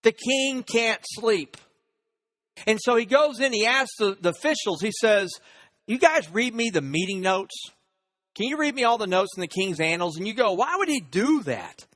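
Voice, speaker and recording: A man's voice: high voice, animated, moderate pace, a bit bright. A man preaching a sermon, retelling a story and acting out the characters' lines. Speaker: pastor.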